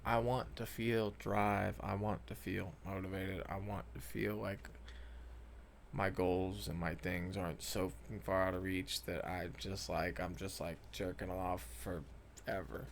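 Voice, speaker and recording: A man's voice: low-pitched, level tone, measured pace, vocal fry, a little hiss or hum. A young man who rambles and swears a lot, talking casually over gameplay footage and trailing off often. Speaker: gaming vlogger.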